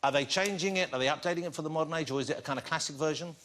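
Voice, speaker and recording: A man's voice: a little high, rapid-fire, fairly bright tone. A man hosting a chat show, asking teasing questions and laughing often. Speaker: talk show host. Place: TV studio with live audience. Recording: studio audience laughter.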